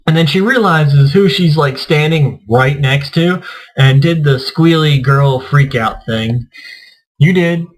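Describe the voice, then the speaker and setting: Telling a wandering tale from a convention, the gaming YouTuber voices the people he quotes in a relaxed, chatty way. His pitch is fairly high and his delivery unhurried, though the audio is poor.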